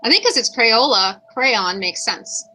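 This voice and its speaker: A woman from New Jersey with a New Jersey accent, a guest in a relaxed, good-humored interview chat. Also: fairly high pitch, unhurried, low-quality recording.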